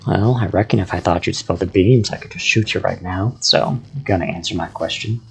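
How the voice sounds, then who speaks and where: A man's voice: low-pitched, brisk, gravelly, breathy edge, soft background music, heavily acted. A man voicing a suspicious, gun-toting rural man with a Texan drawl, speaking in threatening folksy talk.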